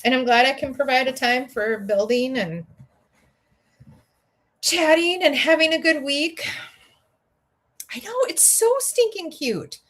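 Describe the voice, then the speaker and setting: A middle-aged woman with a Minnesota accent, her voice sitting a little high for a woman. She chats loosely with her viewers from home, rambling from one thought to the next and laughing often. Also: unhurried, long pauses, a bit bright. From Minnesota, USA. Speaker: livestream host and educator. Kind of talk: casual livestream chat while building.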